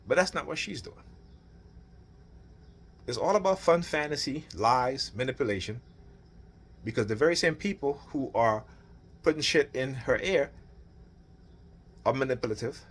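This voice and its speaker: A man's voice: mid-range voice, animated, moderate pace, pauses often, slightly rough. A man venting about family matters in a rambling, heated monologue, often asking "right?". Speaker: father venting on his channel. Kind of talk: casual rant to camera.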